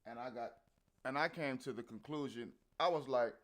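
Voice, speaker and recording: A man's voice: mid-range voice, moderate pace, a bit bright. A man hosting a reaction video, talking in a loose, rambling way and cussing freely. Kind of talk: casual commentary.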